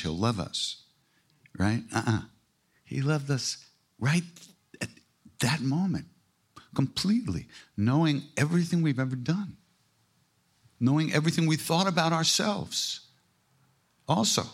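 A man giving an informal spiritual talk, earthy and joking, with emphatic repetition and frank language. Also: medium pitch. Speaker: spiritual teacher.

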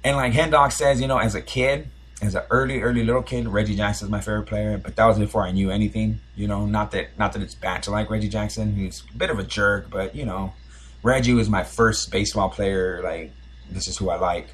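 A man's voice: fairly low pitch, steady tone, a little fast, husky. A man in his forties, a podcast host, telling a rambling, nostalgic story in casual chat, full of fillers and restarts.

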